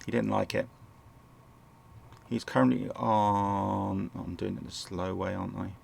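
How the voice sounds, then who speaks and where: A man with a sore throat and a croaky voice, rambling and correcting himself as he casually talks through a management game at home. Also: fairly low pitch, fairly even intonation, a little slow, darkish tone. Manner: rambling, self-correcting, chuckles often. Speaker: gameplay commentator. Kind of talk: casual game walkthrough commentary. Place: home, indoors.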